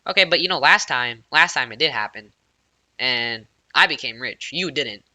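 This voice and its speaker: Cocky bragging investor guy, a man putting him on, bright and smug. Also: mid-range voice, lively intonation, moderate pace. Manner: smug, boastful. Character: cocky boastful male investor.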